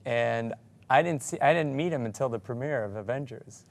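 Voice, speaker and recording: An actor on a cast panel, telling a self-deprecating story with a laugh. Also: male voice, medium pitch, moderate pace, creaky. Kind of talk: casual anecdote telling.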